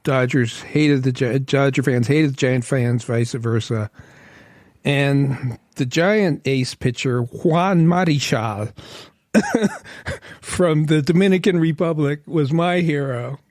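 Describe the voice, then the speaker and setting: A chatty man from Los Angeles co-hosting a podcast, with a laugh often slipping into his stories. His pitch sits in the middle range. The recording is close and dry. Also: slow pace, darkish tone, no echo. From Los Angeles, USA. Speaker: podcast co-host. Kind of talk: casual podcast chat.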